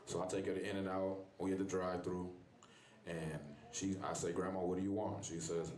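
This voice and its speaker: Deep-voiced man doing stand-up. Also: little pitch movement, moderate pace. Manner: loose, profane storytelling with crowd asides. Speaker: stand-up comedian. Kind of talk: stand-up set. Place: bar comedy stage. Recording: echoey club with loud crowd. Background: crowd laughing.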